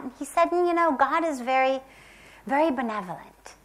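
A woman from the United States telling a spiritual parable in a soft, gentle, reflective way, sometimes dropping to a whisper. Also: sits high, animated. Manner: slow, gentle and reflective, with long pauses. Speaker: spiritual teacher. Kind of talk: spiritual storytelling talk.

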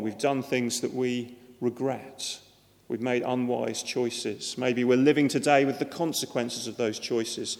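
A man's voice: medium pitch, creaky. A man preaching a sermon in an earnest, emphatic manner, with repeated words at times. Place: church. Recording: reverberant church hall.

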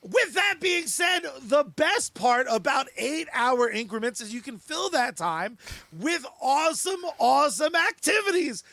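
Man, very high voice, bright tone, excitable podcast co-host, jokey, dry close mic. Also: unhurried, dry recording. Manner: excitable, jokey, bursts of shouting. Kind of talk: casual chat and sponsor reads.

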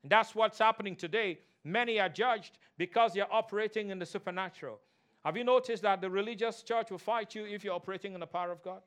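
High, bright-voiced preaching pastor. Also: male voice, fast talker, clear, resonant tone. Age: adult. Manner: animated preaching, mimics voices and sings snatches. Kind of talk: sermon.

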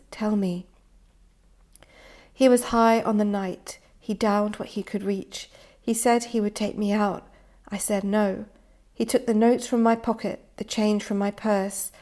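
A woman reading her own poem aloud as a dramatic monologue, in a measured and intense delivery. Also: medium pitch, a little mellow. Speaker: poet reading her work. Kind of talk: poetry reading.

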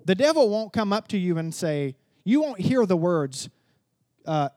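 Male pastor, high voice, dry close sound, casual storyteller with loud emphatic peaks. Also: sing-song, a little slow, no room sound. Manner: storytelling preacher, swings from hushed asides to loud emphatic declarations. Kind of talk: sermon.

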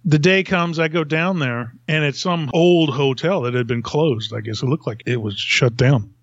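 A man's voice: fairly high pitch, normal speed, dry recording. A man hosting a podcast, telling a long story in a rambling way and chuckling often. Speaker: podcast host. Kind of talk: casual storytelling. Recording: dull lo-fi sound.

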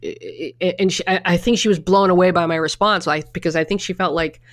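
A middle-aged woman with a fairly low voice talks in a loose, chatty way. She keeps restarting her sentences and drops in the occasional curse. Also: fairly quick. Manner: chatty storyteller with frequent restarts and swearing. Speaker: podcast co-host. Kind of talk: casual chat.

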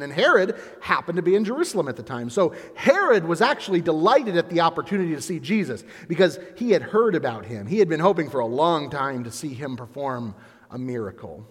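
A man giving a lively, dramatic retelling of a scripture story, with conversational asides. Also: a little high, in a large hall.

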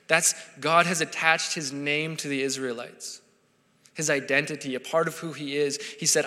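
A man preaching a sermon with a bright, ringing voice that sits a little high for a man. He speaks earnestly and grows impassioned. The room carries a long reverb. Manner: earnest, rises to an impassioned pleading tone.

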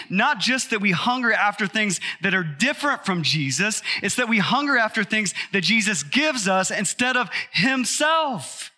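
A man, a pastor, preaching a sermon with emphatic rises to loud peaks. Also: sits high.

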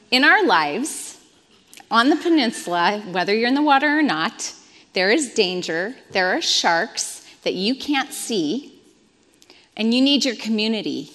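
Animated woman pastor in her fifties. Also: on the high side, big-room sound. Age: 50s. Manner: animated storytelling, self-deprecating humor. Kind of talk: sermon.

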